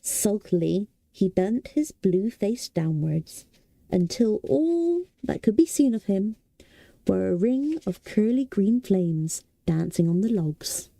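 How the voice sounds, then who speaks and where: A woman reading a novel aloud as a soothing bedtime read-aloud, softly and slowly. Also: mid-range voice, expressive, vocal fry, dry recording. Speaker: audiobook reader.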